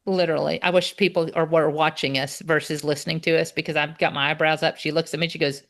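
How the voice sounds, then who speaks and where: A woman's voice: sits low, level tone, fast talker, a bit bright. A middle-aged woman from Texas with a Texan accent, co-hosting a podcast in casual chat and telling stories cheerfully, laughing often. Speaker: podcast co-host.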